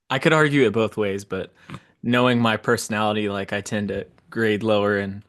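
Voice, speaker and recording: A man co-hosting a casual football podcast, speaking in a measured, candid way. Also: fairly low pitch, steady tone, a bit bright, clean tone. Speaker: podcast co-host. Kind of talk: casual sports chat.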